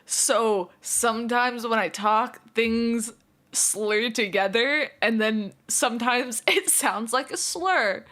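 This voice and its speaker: A young woman streamer chatting to her viewers with a bright, high voice. She talks fast and giggles a lot, and she keeps fretting over her own pronunciation. Her pace drifts slow and drawn out. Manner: fast-talking, giggly, self-conscious about her pronunciation. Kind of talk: casual live-stream chat.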